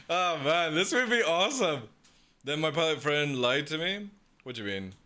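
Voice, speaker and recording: Male streamer, casual live reaction, swears a lot; bright, lively, slightly high voice. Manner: excitable, swears freely, laughs often.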